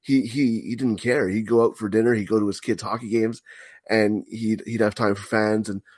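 Measured man analyzing hockey. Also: fairly low pitch, fairly even intonation, darkish tone, no echo. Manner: measured, analytical, often repeats words. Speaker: podcast guest, hockey blogger. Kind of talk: casual sports podcast chat.

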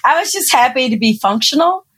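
A woman, a podcast guest telling a personal story with lively acted-out quotes and frequent laughter. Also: high-pitched, a little fast, husky. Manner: animated storyteller, acts out quotes, laughs often. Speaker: podcast guest, engineer and speaker. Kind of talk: storytelling interview.

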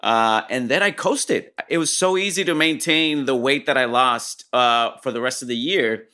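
A man's voice: mid-range voice, normal speed, pushed and bright. A man, an actor and comedian, chatting casually as a podcast guest and telling a long rambling story with lots of restarts.

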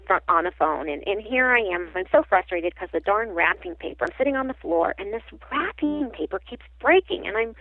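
A woman guest who works as a psychic medium tells a personal story in an animated, halting way, often restarting her sentences. She speaks at a mid pitch for a woman. Her voice comes through a thin, tinny phone line with a dry sound. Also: no echo.

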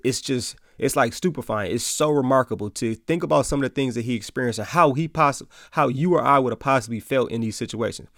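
A man's voice: mid-range voice, a bit bright, dry recording. Guy doing a christian podcast, earnest and chatty, dry close mic sound. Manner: earnest, conversational, reads verses aloud. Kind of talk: casual devotional talk with scripture reading.

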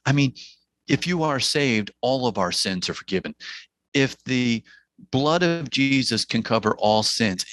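In a podcast interview, this New Jersey physician offers testimony that sounds almost like preaching, earnestly stressing his points by repeating phrases. His medium-pitched voice is expressive, unhurried, and fairly bright. The close mic is dry, with no echo.

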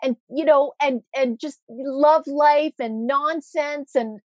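A woman's voice: high voice, slow, no echo. A woman guest on an interview show, speaking in an indignant, emphatic way. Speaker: guest, meteorologist. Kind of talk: impassioned interview talk.

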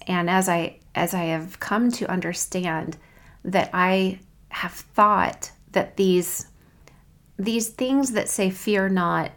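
A woman hosting a faith podcast, speaking in an earnest, reflective and encouraging way, reading scripture slowly and deliberately. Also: medium pitch. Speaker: podcast host. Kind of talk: faith podcast devotional talk.

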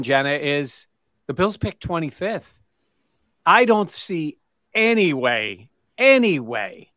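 A male sports show host with a bright, forceful voice, recorded dry and close. He leads the panel and hands questions to his co-hosts in a relaxed, chatty way. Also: medium pitch, no echo. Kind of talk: casual sports talk.

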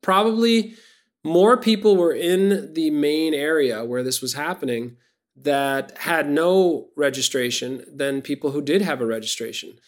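Man, podcast guest, emphatic, repeats his points, fairly high-pitched. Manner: emphatic, repeats key points, lots of quick agreement. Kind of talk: casual conversational chat.

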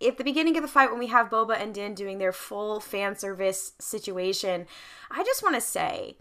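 A woman co-hosting a casual podcast chat, animated and rambling with bursts of laughter. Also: mid-range voice, moderate pace. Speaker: podcast co-host.

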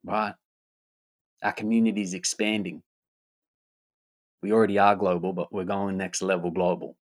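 Pumped up guy with a lowish voice rambling casually about his event, swears a lot, keeps saying right. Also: normal speed. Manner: energetic, repetitive, peppered with swearing and "right?". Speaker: event host and rapper. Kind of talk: excited casual monologue.

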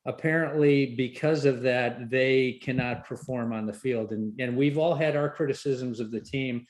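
A man's voice: medium pitch, steady tone, moderate pace. Sardonic male podcast co-host. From United States. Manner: sardonic, indignant commentary. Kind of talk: casual podcast chat.

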